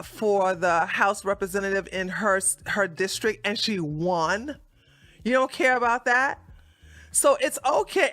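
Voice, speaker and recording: A woman's voice: mid-range voice, fairly bright tone, no room sound. A woman hosting her own commentary show, talking casually in a sarcastic, mocking way and laughing often. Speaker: political commentary host.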